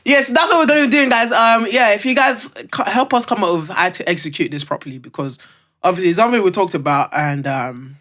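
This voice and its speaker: A man co-hosting a casual podcast, speaking English as a second language, animated and argumentative, laughing often. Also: sits high, a little fast. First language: not English. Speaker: podcast co-host. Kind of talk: casual chat.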